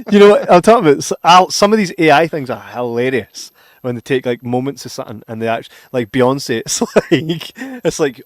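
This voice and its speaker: A Scottish man co-hosting a podcast in casual chat, swearing freely and laughing often, sometimes dropping into a low mutter. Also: a little fast, no echo, studio quality. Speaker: podcast co-host.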